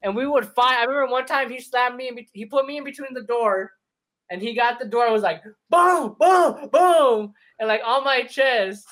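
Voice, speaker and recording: A man's voice: very high-pitched, a little fast. A young man, a podcast co-host, telling a profane, laughing story among friends. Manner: profane, laughing, animated retelling.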